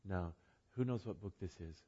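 A man's voice: low-pitched, normal speed, warm tone, lo-fi sound. An older man giving an informal talk to a group, rambling with asides and self-corrections. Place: room with an audience.

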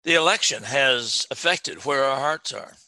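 A man preaching a sermon, reading scripture with slow, emphatic stress and talking to his congregation. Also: medium pitch, bright, forceful tone, no room sound.

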